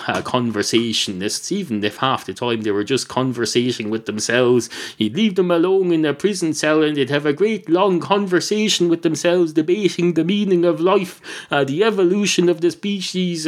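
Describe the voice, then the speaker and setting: A man's voice: mid-range voice, lightly acted. Irish bloke doing an old barman who won't stop talking, pompous, rambly. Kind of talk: comic storytelling.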